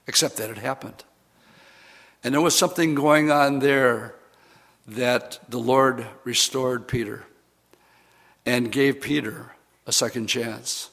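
A man's voice: medium pitch, vocal fry, fairly bright tone. A man preaching a sermon, retelling scripture in a conversational, storytelling way with casual fillers.

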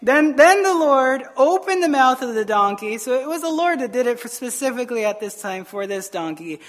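A male pastor preaching a casual, animated sermon, retelling scripture with frequent "right?" asides and quick laughs. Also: very high voice.

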